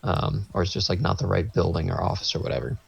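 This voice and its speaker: On a podcast with dull lo-fi sound, a male co-host chats casually through a rambling anecdote, voicing other people's words himself. His voice is low, creaky and slightly rough, and he speaks quickly.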